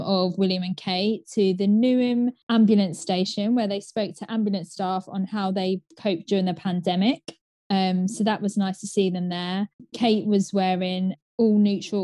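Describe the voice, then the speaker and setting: A woman co-hosting a casual chat, relaxed and newsy with frequent fillers. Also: medium pitch, no room sound. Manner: relaxed, newsy, many "um" and "obviously". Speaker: co-host.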